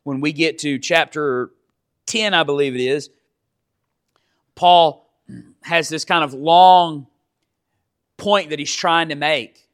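Man, 30s, sermon, emphatic, repeats points, slightly high voice. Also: fairly even intonation, slow, pauses often. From Middle Georgia, US. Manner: emphatic, repeats points, drops to a hush in stories. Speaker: pastor. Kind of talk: sermon with storytelling.

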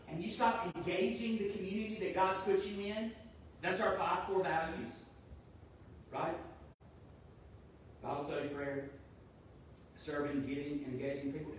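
A man's voice: high voice, heavy reverb, recorded from a distance, a little hiss or hum, poor audio. A man preaching a sermon in a conversational, storytelling way. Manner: conversational, storytelling, animated when quoting. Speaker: pastor.

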